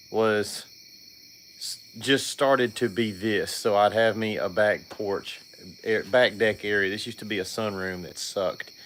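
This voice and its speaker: A man's voice: on the low side, fairly bright tone, slight background noise. A man hosting a casual livestream from his back deck, laid-back and greeting viewers by name as he talks business. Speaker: washing business owner and channel host. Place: outdoor back deck at night.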